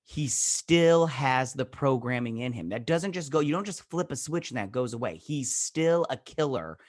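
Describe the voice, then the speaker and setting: Reviewing a TV episode on his casual vlog, a man with a mid-range voice and lively intonation recaps scenes at a moderate pace, rambling and acting out what the characters say. He restarts often and repeatedly uses "he's all like." It's clean studio sound without echo.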